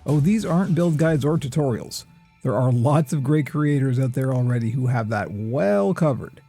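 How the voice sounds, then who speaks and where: A man hosts with measured, lofty scripted narration that leans a bit pretentious. His voice is mellow and warm, lifting and falling in a lively way. Faint music plays behind. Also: mid-range voice, slightly rough. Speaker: gaming video host.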